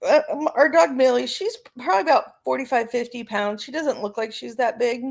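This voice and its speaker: A woman's voice: fairly high pitch, fairly quick, gravelly. A woman chatting casually and telling funny stories with lots of laughter. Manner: storytelling, animated, laughing. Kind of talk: casual chat.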